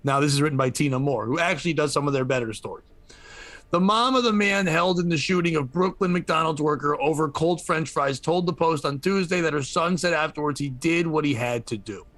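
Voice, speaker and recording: A man with a slightly high voice tells a news story for laughs, swearing freely and acting out the people in it. The sound is dry and close, with no room around it. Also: a little fast, a bit bright, no echo. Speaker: podcast host. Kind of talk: comedic news commentary.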